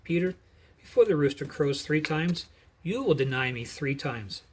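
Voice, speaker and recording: A man voicing a calm male teacher who solemnly speaks a prophecy. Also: on the high side, normal speed, husky.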